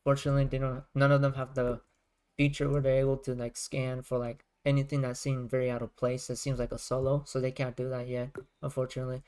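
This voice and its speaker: Man, smooth resonant voice, casual stream chat, rambling, rephrasing as he goes. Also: mid-range voice, completely flat delivery, fast, a little mellow. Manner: rambling, circling back and rephrasing. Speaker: music creator streaming.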